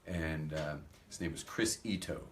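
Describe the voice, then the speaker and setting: Here a man with a rumbling low voice talks at a measured pace against slight background noise. He is a rabbi from the United States entertaining a live audience with humorous stories, acting out the dialogue in lively fashion.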